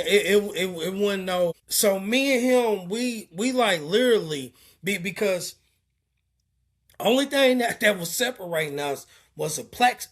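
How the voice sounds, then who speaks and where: A truck driver from Indianapolis tells a story straight to the camera. The delivery is loose and full of stammered repeats and swearing, and it gets animated in the retelling. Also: medium pitch. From Indianapolis, USA. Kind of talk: casual storytelling vlog.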